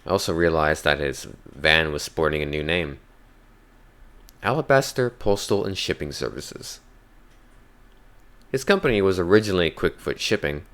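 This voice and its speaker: A man with an extremely deep, low voice tells a scripted horror story. His narration is measured and unhurried, leaning into the calm of first-person telling.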